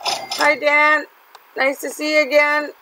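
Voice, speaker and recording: A woman's voice: sits high, level tone, slow pace, noisy background. A woman hosting a gaming channel, chatting and teasing through her commentary as she plays. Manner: chatty and teasing, laughs often. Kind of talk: let's-play commentary.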